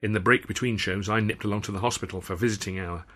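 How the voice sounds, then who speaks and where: Husky man narrating a story. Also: on the low side, steady tone, fast, fairly bright tone. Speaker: author and reader. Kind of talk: first-person storytelling narration.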